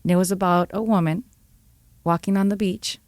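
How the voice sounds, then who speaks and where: A woman co-host talks warmly and with feeling, moving easily into Spanish. Her pitch is medium, and the sound is dry and close. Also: fairly even intonation, normal speed, no echo. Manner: warm, emotional, switches into Spanish. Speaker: podcast co-host. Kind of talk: casual interview chat.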